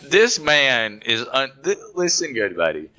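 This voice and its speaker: A man's voice: mid-range voice, unhurried. A man co-hosting a podcast, chatting casually and playfully teasing his friends. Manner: playful, teasing, acts out others' excitement. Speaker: podcast co-host. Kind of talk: casual chat.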